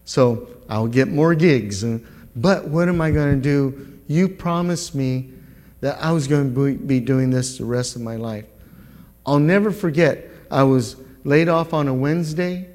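A middle-aged man shares his testimony before a church congregation, speaking very slowly and earnestly. He stumbles and repeats words as he goes, and his voice rings with the long reverb of a big hall. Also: medium pitch, a little mellow. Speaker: guest speaker giving a testimony.

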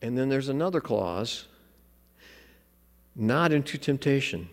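A man preaching a sermon in a relaxed, conversational way, with joking asides. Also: mid-range voice, measured pace, big-room sound. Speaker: pastor.

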